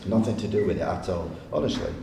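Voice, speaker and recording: A man's voice: fast talker, vocal fry, dark tone. A man telling chatty anecdotes to a live audience, often laughing and acting out the people he quotes. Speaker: guest speaker. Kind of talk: live on-stage storytelling. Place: arts venue hall, live audience. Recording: echoey hall with faint rumble.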